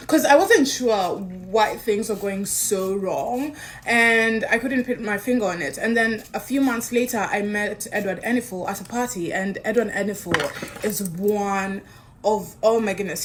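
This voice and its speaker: A woman telling a personal story in a casual way, acting out the lines of the people she quotes. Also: a little slow. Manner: animated, acts out quoted dialogue with big pitch jumps. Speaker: guest recounting a personal story.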